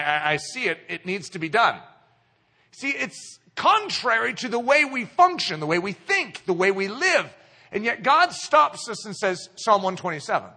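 Guy preaching, really high bright voice, kinda husky, keeps throwing questions at the crowd. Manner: animated, asks the listeners rhetorical questions; acts out inner voices in quotes. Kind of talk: sermon.

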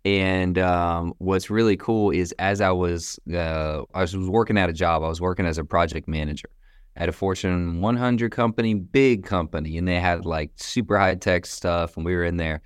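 A young adult man, a company founder, telling stories in a casual interview with a relaxed, chatty manner, tossing in "man" and "bro" and laughing between stories. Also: sits low, moderate pace, clean tone, no room sound, clean studio sound.

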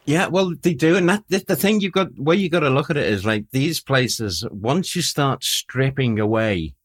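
A man's voice: mid-range voice, lively intonation, normal speed, breathy edge. A man, a war photographer telling stories in a casual chat, self-mocking and laughing often.

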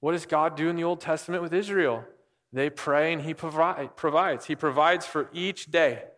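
Long reverb fills the hall as a pastor speaks at a normal speed in a slightly high, somewhat bright voice. His sermon is conversational: he explains scripture and poses questions to the room.

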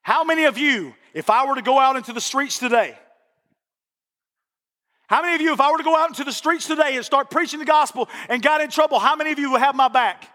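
A man preaching a sermon in a church with passion, repeating phrases for emphasis and rising to shouts at the peaks. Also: extremely high pitch, fast. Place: church sanctuary. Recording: long reverb of a church hall.

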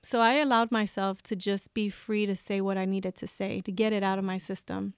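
A woman speaking openly about her grief as a guest in a conversation, expressive and laughing often. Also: mid-range voice, brisk, clear, resonant tone, no room sound.

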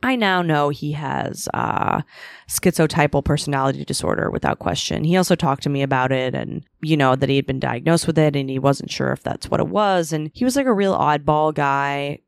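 A woman's voice: low voice, moderate pace, creaky, no echo. A woman hosting a solo podcast, telling a frank, profane, self-deprecating story about her relationships, sometimes acting out what she used to think. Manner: acts out her own past inner voice in quotes. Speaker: podcast host. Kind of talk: solo confessional monologue.

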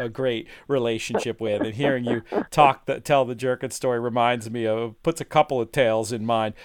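A man's voice: medium pitch, no room sound, studio quality. A man hosting a casual interview, asking questions in a fluent, conversational way. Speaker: interview host.

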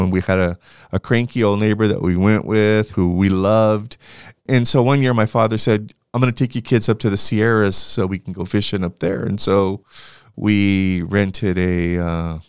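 A man's voice: on the low side, smooth, dry recording, studio quality. A middle-aged man from California speaking in an interview, telling reflective stories with frequent restarts and fillers. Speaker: university leader being interviewed. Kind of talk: reflective storytelling.

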